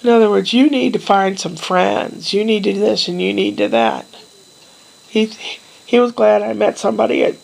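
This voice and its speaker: A middle-aged woman vlogging casually, telling a rambling personal story in a meandering, wistful way with pauses and trailing sighs. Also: medium pitch, animated, vocal fry, darkish tone, low-quality recording.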